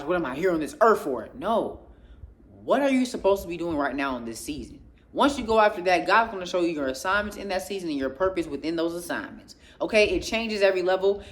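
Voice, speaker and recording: A woman giving an emphatic, preachy motivational talk on faith and growth, stacking repeated phrases in rhythmic lists. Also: lowish voice. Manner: speaks passionately, getting louder, then drops quieter. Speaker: faith and self-growth speaker.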